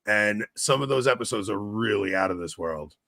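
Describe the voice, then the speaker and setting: A man's voice: lowish voice, expressive, moderate pace, vocal fry, pushed and bright, no echo. A man hosting a podcast, chatting casually and animatedly, laughing often and restarting his sentences. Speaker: podcast host.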